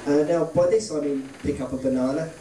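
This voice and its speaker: Warm and a little fast, this comedian's fairly high voice stays fairly even as he works through dry one-liners and offhand asides onstage at a club. Laughter from the audience and slight background noise fill the roomy space, and he's distant from the mic.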